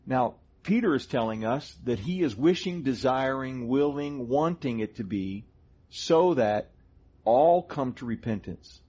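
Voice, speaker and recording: A man's voice: medium pitch, lively intonation, measured pace, dark tone, breathy edge. A middle-aged man co-hosting a Christian teaching talk, earnestly explaining doctrine step by step. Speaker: co-host of a Christian teaching show. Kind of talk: conversational Bible teaching. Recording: dull lo-fi sound.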